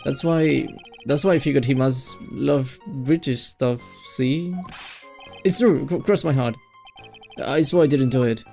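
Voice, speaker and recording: A man's voice: medium pitch, unhurried, creaky, a little mellow, faint music behind. A man voicing a nervous young male witness who stammers and pleads his innocence while reading a game aloud. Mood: jittery.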